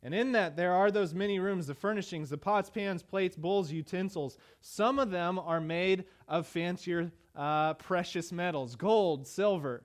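A pastor preaching a sermon in a conversational way, with many "uh" fillers and emphatic repeated phrases. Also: male voice, high voice, a little slow, few pauses. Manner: emphatic rhetorical repetition.

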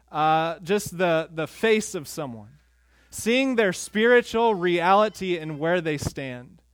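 A male pastor preaching a sermon in a conversational, earnest way, with quick asides to the congregation. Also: fairly high pitch, fairly bright tone, no room sound, studio quality.

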